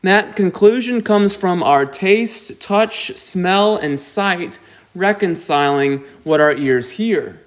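A man preaching a sermon, slow and deliberate, with emphatic rises on key points. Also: sits high, expressive. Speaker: pastor.

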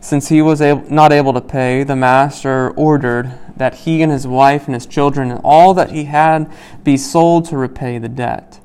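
Man with a smooth, clear voice leading Bible study. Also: medium pitch, steady tone, moderate pace, hardly any pauses, a little mellow. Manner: conversational, checks in with listeners by asking "right?"; many "um"s and restarts while explaining. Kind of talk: reading scripture aloud and explaining it.

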